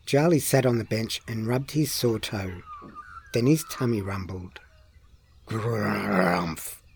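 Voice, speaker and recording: A man reading a children's story aloud in a slow, expressive storytelling manner. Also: medium pitch, a little hiss or hum. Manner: slow, lively storybook delivery.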